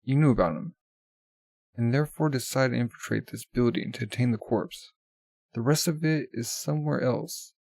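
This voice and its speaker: A man's voice: mid-range voice, moderate pace, creaky, no room sound. A man reading as a scheming president. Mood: flat. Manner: flat read-aloud of comic dialogue. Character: scheming male president, possessive and cold.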